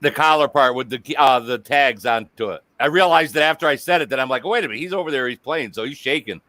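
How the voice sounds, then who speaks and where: Crude, joking man with a bright voice. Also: mid-range voice, fast. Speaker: host. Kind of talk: casual live-stream chat.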